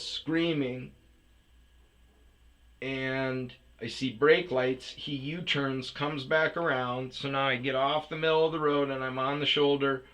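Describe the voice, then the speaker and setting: A man casually telling a profane, animated story about chasing a delivery driver, with yelled reenactments. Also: mid-range voice. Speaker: storyteller host. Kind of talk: casual ranting anecdote.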